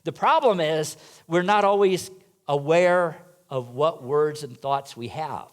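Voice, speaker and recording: A man with a high-pitched voice delivers a sermon in a church sanctuary. He asks his listeners rhetorical questions and drops in light, playful asides to them. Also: slow. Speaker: minister.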